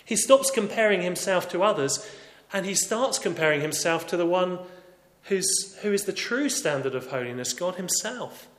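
An earnest preacher delivers his sermon, his fairly high voice climbing for emphasis and then sinking to a hush. The sound is roomy, with a long reverb carried through a large church hall. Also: animated, normal speed. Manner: earnest, shifting between raised emphasis and quiet reflection.

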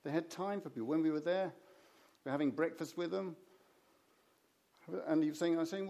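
Gravelly preacher telling stories. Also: male voice, fairly high pitch, brisk, warm tone. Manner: anecdotal, acts out conversations in his stories. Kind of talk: sermon.

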